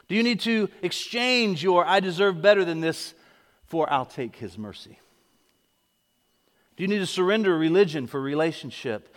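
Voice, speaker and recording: High-voiced preaching pastor in an echoey hall. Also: male voice, fairly bright tone. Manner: preaching with repeated questions and calls to come. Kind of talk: sermon. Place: church sanctuary.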